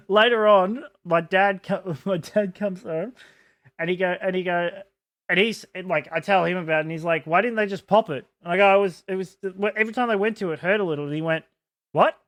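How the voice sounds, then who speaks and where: A man co-hosting a podcast, telling a personal story in a halting way with many restarts and acted-out quotes. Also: high-pitched, a bit bright. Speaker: podcast co-host. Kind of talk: casual storytelling chat.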